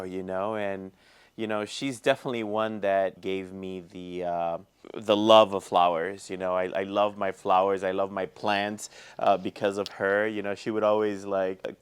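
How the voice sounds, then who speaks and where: A man's voice: on the low side, little pitch movement, moderate pace, smooth. A man who owns a flower shop, chatting in an interview in a heartfelt, effusive way, full of "you know" and "like". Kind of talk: casual interview chat.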